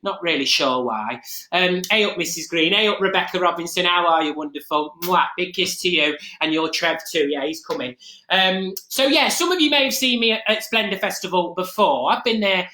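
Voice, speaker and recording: Someone doing a gossipy middle-aged nottingham lady, rambly and cheeky, bright chirpy voice, echoey room. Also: medium pitch, moderate pace, lightly acted. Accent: East Midlands, Nottingham. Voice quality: rambling, gossipy, with many fillers and asides. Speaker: comic performer hosting a live stream. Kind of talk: chatty comic monologue to an online audience.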